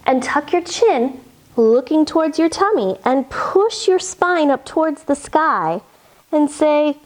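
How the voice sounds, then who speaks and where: A woman leading a children's yoga storytime, guiding gently and playfully. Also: high-pitched, expressive. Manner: gentle, playful, slow sing-song guiding. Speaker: kids' yoga story teacher.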